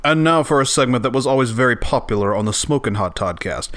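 Sarcastic guy hosting a comedy podcast, lively up and down delivery. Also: medium pitch, fast, hardly any pauses. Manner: sarcastic, exasperated. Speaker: host.

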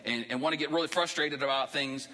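A man's voice: mid-range voice, fast, bright, forceful tone, in a large hall. A man preaching a sermon to his church as pastor, talking conversationally and rising into emphatic bursts. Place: church sanctuary.

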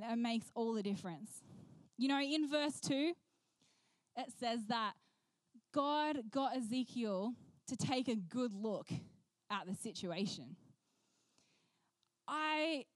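A woman preaching a sermon, telling a personal story in an animated way and acting out the voices she quotes. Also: on the high side, no room sound.

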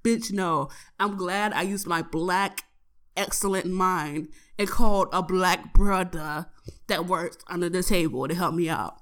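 A woman's voice: lowish voice, unhurried. Young college girl ranting about her day, cussing a lot, laughing, super casual diary vibe. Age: young adult. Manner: animated, profane, laughs through her story.

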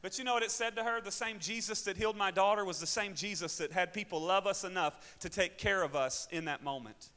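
A man with an Arkansas accent, a pastor telling a personal testimony in a sermon, moving between loud preaching and quiet asides. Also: high-pitched, fairly quick, hardly any pauses. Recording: hall reverb.

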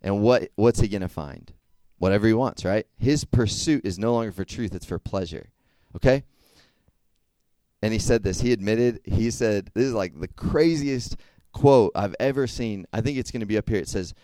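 A man's voice: on the low side, normal speed, warm tone, no room sound. Casual young man preaching. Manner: conversational, checks in with frequent "okay?". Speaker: youth speaker. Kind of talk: casual sermon.

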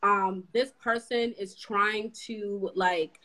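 Animated bright-voiced young woman. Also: medium pitch, slow, rough recording. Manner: animated storytelling, acting out quotes. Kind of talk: casual chat.

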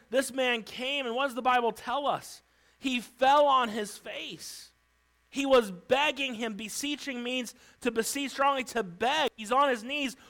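A man preaching a sermon as pastor, emphatic, swinging between loud declarations and hushed lines, acting out pleas. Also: very high-pitched, low-quality recording. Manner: acts out Bible characters' pleas.

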